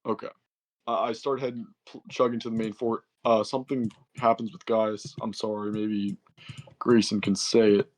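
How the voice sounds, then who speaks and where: A man's voice: fairly low pitch, flat delivery, normal speed. A man casually recapping a tabletop game session as a player, rambling and correcting himself as he goes. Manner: rambling, self-correcting, filler-heavy.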